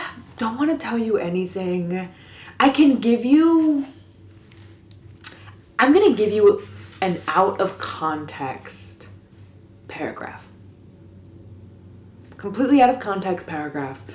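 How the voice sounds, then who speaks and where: A woman's voice: mid-range voice, expressive, a little slow, pauses often, darkish tone. A woman vlogging about books in a casual way, gushing with theatrical, exaggerated reactions. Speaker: book vlogger. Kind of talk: casual reading vlog. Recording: roomy echo.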